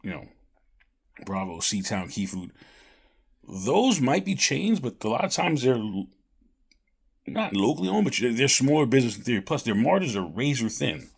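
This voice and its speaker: A man's voice: mid-range voice, sing-song, moderate pace, creaky, long pauses, breathy edge. A man giving rambling casual political commentary straight to camera, calling his viewers folks. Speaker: vlogger.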